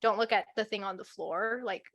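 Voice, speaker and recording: A young woman co-hosting a podcast in casual chat, reacting in an excitable, spooked way. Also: medium pitch, fairly quick, no echo. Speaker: podcast co-host.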